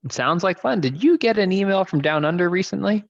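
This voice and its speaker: A man's voice: high-pitched, animated, fairly quick, creaky, no echo. A man co-hosting a podcast, joking and teasing in casual banter. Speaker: podcast co-host. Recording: dry, dull remote recording.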